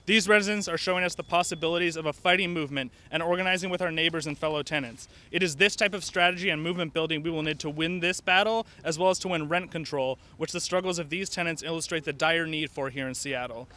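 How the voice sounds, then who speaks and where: Impassioned male rally speaker, rapid and sharp-edged delivery. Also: a little high. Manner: impassioned, forceful, fast. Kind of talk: speech at a tenant rally.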